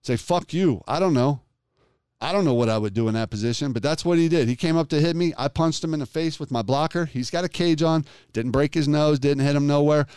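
A man's voice: fairly high pitch, quick pace, clear, resonant tone, no room sound, clean studio sound. A man in his forties, swearing often while telling a story in a casual chat. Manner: profane, animated storytelling.

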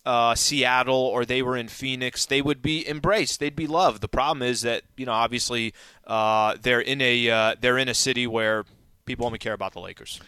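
A man co-hosting a sports talk radio show, joking and interjecting quickly. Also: mid-range voice, bright, forceful tone, clean tone, dry recording.

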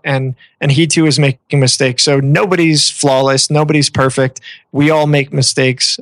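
A man's voice: fairly high pitch, creaky, no echo. A man hosting a podcast, chatting casually in a friendly, rambling way with many restarts. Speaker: podcast host.

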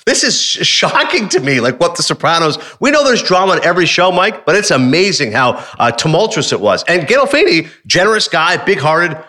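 A male co-host in casual sports and pop culture banter, talking in a rapid, animated flow. His voice is bright and forceful and sits a bit high for a man. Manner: animated, quick, lots of asides.

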